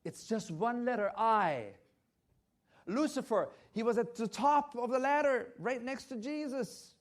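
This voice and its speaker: Speaking unhurriedly in an extremely high pitch, an older man lectures on health at a church conference. His delivery is emphatic and repetitive, full of hesitant restarts.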